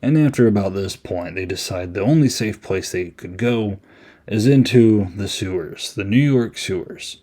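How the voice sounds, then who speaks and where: A man's voice: on the low side, lively intonation, moderate pace, warm tone. A man hosting a podcast, talking through a movie review in a rambling, amused way with lots of "um"s. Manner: rambling, amused, many ums. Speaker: podcast host. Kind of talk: casual solo movie review.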